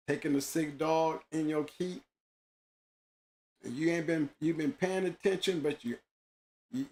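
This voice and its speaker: Man, host, casual monologue, emphatic, slangy, rough gravelly voice. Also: a little high, darkish tone. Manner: emphatic, slangy, repeats himself.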